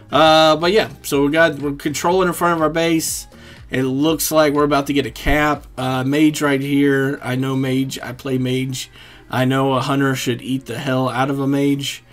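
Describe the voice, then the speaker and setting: Man, casual gameplay commentary, rambling, curses a lot, chuckles, mid pitch, faint music behind. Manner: relaxed and rambling, swears freely, chuckles often. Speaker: gaming commentator.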